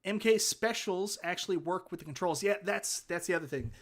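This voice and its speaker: Brisk and high-voiced, this livestream host has a Newfoundland accent. He rambles with enthusiasm in a casual live chat, reading out viewer comments and thanking people for them.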